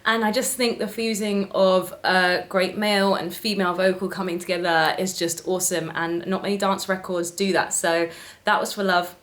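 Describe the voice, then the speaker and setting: A woman's voice: lowish voice, level tone, normal speed. Chatty woman singer talking shop. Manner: chatty, warm-hearted advice, sings short snippets. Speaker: singer and vlogger. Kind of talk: casual talk to camera about her records.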